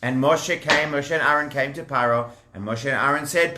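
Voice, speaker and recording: A man telling a story to children, lively and animated, talking straight to the kids and showing them toy props. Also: medium pitch, moderate pace, few pauses, roomy sound.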